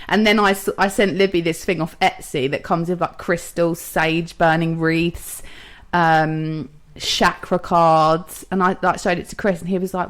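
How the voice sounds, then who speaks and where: A woman's voice: on the low side, steady tone, measured pace. A young woman co-hosting a podcast in casual, jokey chat, swearing freely and laughing often. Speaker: podcast co-host.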